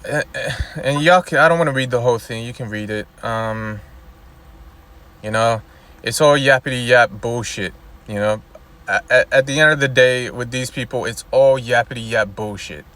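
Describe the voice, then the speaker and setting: A man's voice: medium pitch, moderate pace, pushed and bright. A man vlogging from inside a car, ranting in a loose, profane, rambling way, full of "you know" and "like". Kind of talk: casual ranting monologue.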